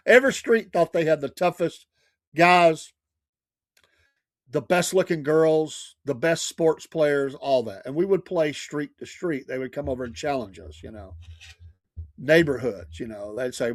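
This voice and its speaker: A man's voice: a little high, a little slow, pauses often, dry recording, clean studio sound. A man from the United States casually telling childhood neighborhood stories, laughing often and acting out the voices of people he quotes. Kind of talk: casual storytelling.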